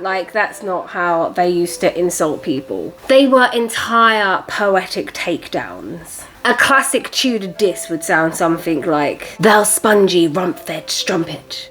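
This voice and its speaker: Woman, casual vlog host, playful, sassy, middle pitch. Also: rough recording. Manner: playful, sassy, laughs at own jokes. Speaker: history vlogger.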